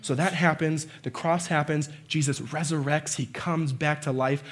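Guy preaching, kinda high voice, talks to the crowd like friends, goes quiet then yells. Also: steady tone, moderate pace. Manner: conversational, frequent "right?" and "okay?" asides; swings from quiet to shouting. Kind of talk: sermon.

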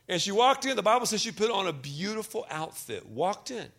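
A middle-aged male pastor preaching a joking sermon. His fairly high voice swings widely in pitch as he banters with the congregation and leads them in call-and-response. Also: fairly quick. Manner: animated, joking, addresses the congregation directly.

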